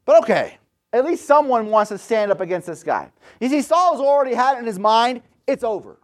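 A man's voice: extremely high pitch, very animated, quick pace. Man in his thirties preaching casually. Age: 30s. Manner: conversational storytelling, paraphrasing scripture in slang. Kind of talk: sermon.

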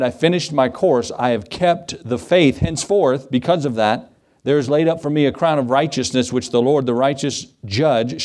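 A man with a medium-pitched, somewhat dark voice preaches a sermon as a pastor in a church sanctuary. His delivery is conversational, full of asides and questions aimed at the congregation.

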